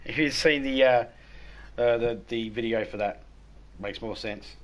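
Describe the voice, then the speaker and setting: A man's voice: medium pitch, a little slow. A middle-aged man with an Australian accent, a game streamer chatting casually, rambling and swearing freely with blunt humor. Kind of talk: casual chat.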